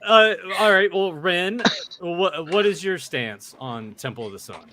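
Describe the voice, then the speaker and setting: A man's voice: high-pitched, measured pace, pushed and bright. A man hosting a casual podcast chat, teasing his guests and steering the discussion. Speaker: podcast host.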